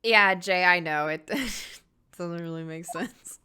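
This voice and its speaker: A woman's voice: fairly low pitch, slow pace, bright, forceful tone, slight background noise. A playful young woman chatting casually through a game playthrough. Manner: playful, giggly. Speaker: game streamer.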